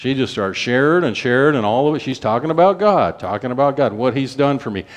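A man, telling a testimony story in a sermon in a folksy way, rushing through some runs and slowing for emphasis. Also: mid-range voice, lively intonation.

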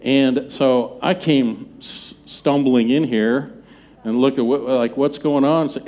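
A man in his seventies, a pastor preaching a sermon in a church, talking in a conversational, halting way with many restarts. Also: mid-range voice, steady tone, darkish tone. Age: 70s. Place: church sanctuary.

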